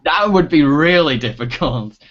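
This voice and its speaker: A man hosting a casual livestream Q&A as an internet reviewer, chatty and quick to laugh, often trailing off and restarting. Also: on the high side, animated, a bit bright. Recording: dull lo-fi livestream audio.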